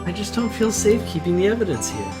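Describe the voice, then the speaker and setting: A man voicing a calm, composed woman lawyer who is a caring older sister, in a fan dub of a game. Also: high-pitched, fast talker, over loud music.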